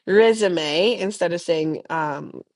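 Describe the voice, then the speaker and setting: A young woman leads a recorded French lesson with patient, chatty explanations in English. She says each model phrase slowly and with careful enunciation, leaving space for students to repeat it. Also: lowish voice. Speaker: French teacher. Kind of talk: recorded language lesson, repeat-after-me drills.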